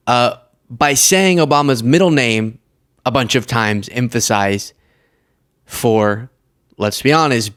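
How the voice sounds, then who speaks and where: A man's voice: mid-range voice, a bit bright, no room sound. Guy doing a political commentary show, sarcastic and chatty, dry close sound. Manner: sarcastic, conversational, laughs often.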